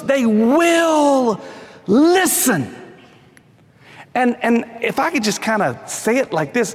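Emphatic, high-voiced preacher in a reverberant hall. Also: male voice. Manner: emphatic, addresses listeners as folks, drops low for stress. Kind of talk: sermon.

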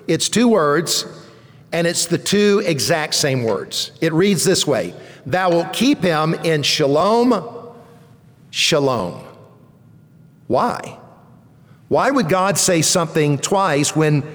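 High-voiced man preaching in a reverberant church. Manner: emphatic preaching, swells louder and higher on key words. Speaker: pastor. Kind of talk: sermon.

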